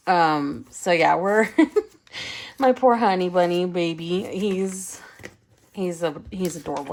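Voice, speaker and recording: A woman in her thirties chatting casually and giggling while she counts cash for budget savings, her voice trailing off into soft counting. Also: lowish voice, measured pace. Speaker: budgeting vlogger.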